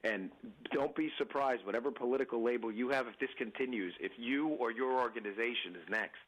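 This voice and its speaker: A man's voice: medium pitch, fairly quick, a bit bright, low-quality recording. A man speaking as a guest and political candidate on a radio interview, talking emphatically with frequent restarts and addressing listeners as folks.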